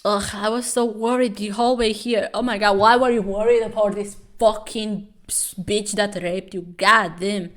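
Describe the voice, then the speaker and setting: A woman's voice: mid-range voice, steady tone, normal speed, fairly bright tone. Sarcastic, profane woman recapping a comic. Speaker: webtoon commentary host.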